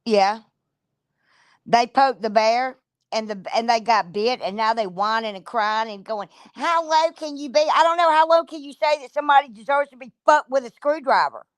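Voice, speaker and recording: A woman's voice: fairly high pitch, moderate pace, no echo. A woman streaming a profane, confrontational rant. She is blunt and she talks straight at the listener. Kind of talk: ranting livestream commentary.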